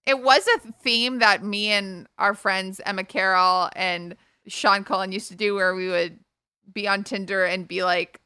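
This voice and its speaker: A young woman, co-hosting a podcast and telling a story fast and animatedly. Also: medium pitch, fairly even intonation, pushed and bright, clean tone, no echo, studio quality. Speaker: podcast co-host. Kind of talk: casual storytelling chat.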